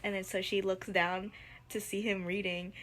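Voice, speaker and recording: A young woman recapping a book she is reading, gushing and excitable and peppering her talk with "like". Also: medium pitch, moderate pace. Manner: gushing, excitable, heavy use of "like". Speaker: book vlogger. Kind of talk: casual chat recapping a book.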